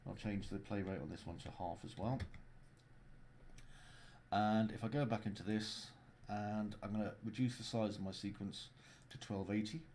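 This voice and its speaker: Low, mellow man with a jokey manner. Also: steady tone, normal speed, slight background noise. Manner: jokey, playful and chatty. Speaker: game developer streaming a tutorial. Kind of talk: casual livestream tutorial.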